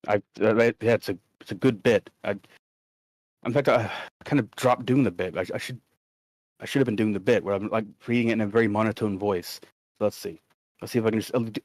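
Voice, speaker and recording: Low-voiced man chatting on a livestream. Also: fast talker, darkish tone, dry recording. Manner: rambling, reads chat messages aloud. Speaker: stream co-host. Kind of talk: casual livestream chat.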